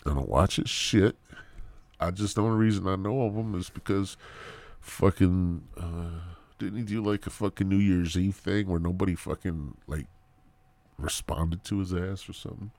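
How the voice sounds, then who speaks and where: A man's voice: low voice, normal speed, a little mellow, dry recording. A man hosting a podcast, ranting crudely in a rambling comedic monologue and swearing constantly, in his thirties. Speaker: podcast host.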